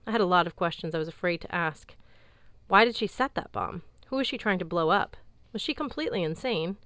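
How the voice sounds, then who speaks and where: A woman narrating an audiobook in a measured, even tone, recorded close on a studio mic. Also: on the low side, dry recording. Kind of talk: scripted narration.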